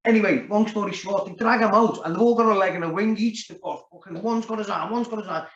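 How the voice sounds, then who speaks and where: This fast-talking man from Liverpool has a high, fairly bright voice. Telling a story in casual chat, he rambles, swears heavily, and leans on "like" constantly. It's recorded in a roomy space with dull, lo-fi sound.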